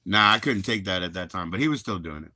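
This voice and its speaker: A man's voice: low voice, expressive, fast, sharp tone, no echo. A man hosting a livestream, chatting casually in a rambling, profane, laid-back way. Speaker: livestream host.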